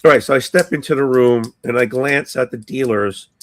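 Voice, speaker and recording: A hoarse man playing a tabletop game, hesitant and thinking aloud with many ums. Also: medium pitch, normal speed. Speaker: player.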